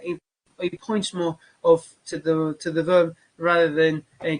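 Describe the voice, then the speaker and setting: This English teacher, preparing students for exams, has a voice on the high side and is captured on a low-quality recording. He teaches grammar hesitantly, often restarting and filling gaps.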